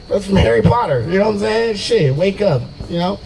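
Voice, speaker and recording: A man's voice: high-pitched, lively intonation, brisk, vocal fry, darkish tone, poor audio. A man in his forties doing a profane, boastful stand-up set at an outdoor open mic, laughing at his own jokes. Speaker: stand-up comedian. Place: open mic at a brewery, out of doors.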